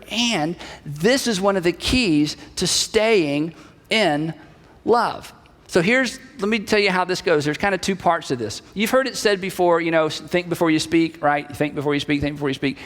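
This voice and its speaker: High-voiced pastor preaching in a hall. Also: male voice, a bit bright. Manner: conversational, acts out quoted dialogue, repeats key phrases. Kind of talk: sermon. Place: church sanctuary. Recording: reverberant church hall.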